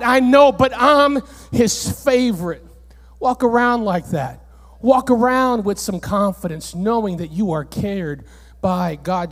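A male pastor preaching a sermon in a church, animated and rising to near-shouts on key points. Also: high voice. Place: church sanctuary, on stage. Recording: church hall reverb.

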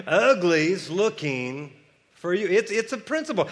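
A male pastor preaching a sermon with energetic, excited delivery that climbs into shouts. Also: sits high, a little slow, big-room sound. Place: large church hall.

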